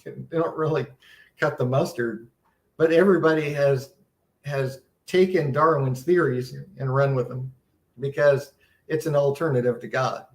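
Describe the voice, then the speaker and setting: A man's voice: medium pitch, normal speed, reverberant. A man giving a casual, earnest Bible seminar talk, teaching conversationally with many restarts and a sense of wonder. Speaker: seminar presenter.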